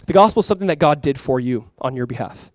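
A man's voice: medium pitch, lively intonation, quick pace, darkish tone, no room sound. A man preaching a sermon as pastor, conversational and emphatic, talking to the congregation and inviting them to respond. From California.

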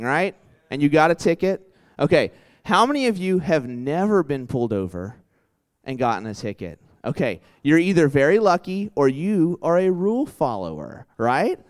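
A young man preaching in a loose, storytelling way to a live crowd, his clear, smooth voice bouncing up and down in pitch. He talks in a chatty rush of "like" and "right?", pausing to quiz his listeners. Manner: chatty and animated, full of "like" and "right?", quizzes the crowd. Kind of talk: casual storytelling sermon. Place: church hall with a live audience.

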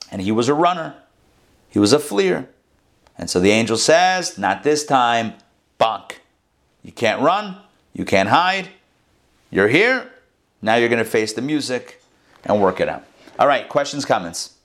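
Animated male storytelling teacher. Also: a little high. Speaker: rabbi teaching a class. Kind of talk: storytelling sermon.

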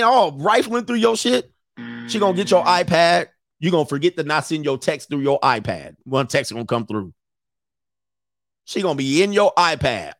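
A man rants for laughs in a loose, profane style, dropping into put-on voices as he goes. His voice sits a little high and swings widely. The recording is close and dry. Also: no room sound. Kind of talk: comic rant.

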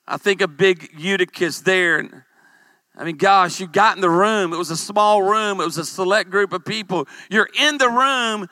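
A man, a pastor, preaching a humorous sermon with animated storytelling and calls for amens. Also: sits high, dry recording.

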